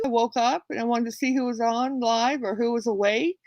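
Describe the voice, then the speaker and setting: A woman's voice: a little high, steady tone, fairly quick, hardly any pauses, a little mellow, dry recording, muffled recording. A woman livestream host telling a rambling story to her viewers, acting out both sides of an argument. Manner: chatty, retells quarrels acting out both sides; rambling with frequent restarts.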